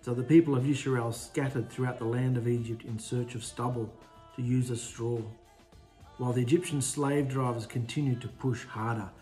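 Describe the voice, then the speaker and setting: A man's voice: mid-range voice, steady tone, moderate pace, mellow, soft background music. A man narrating a dramatized scripture retelling, with casual asides to listeners. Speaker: storyteller.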